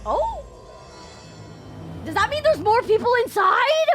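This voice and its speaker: A young woman streaming a game, excitable, squealing and shouting as she reacts. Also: very high voice, takes it slowly, long pauses, soft background music.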